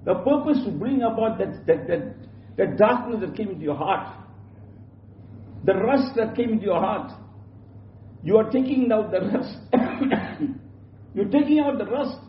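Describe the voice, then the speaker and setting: A man's voice: high voice, lively intonation, measured pace, pauses often. A man giving an Islamic sermon in an emphatic, repetitive way, often restarting his sentences, recorded from a distance in a prayer hall. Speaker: Islamic preacher. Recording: roomy, distant, dull lo-fi with faint hum.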